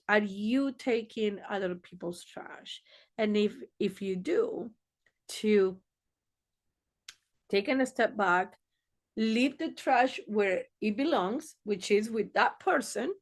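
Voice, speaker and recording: A woman's voice: fairly high pitch, fairly bright tone. A woman therapist giving casual advice, blunt and swearing freely, acting out little exchanges as she talks.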